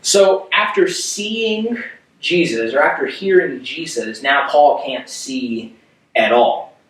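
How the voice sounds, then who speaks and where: A young man talks preteens through a scripture passage, chatty and full of rhetorical questions. His voice sits a bit high and carries a heavy room echo. He stands back from the mic. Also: lively intonation, slow pace, a bit bright, recorded from a distance. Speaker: youth worship leader.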